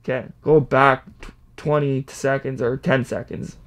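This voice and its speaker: A man's voice: mid-range voice, measured pace, creaky, over music. A man hosting a reaction video, chatting casually and whooping at lines he likes. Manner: excitable, hypes bars with whoops and laughs.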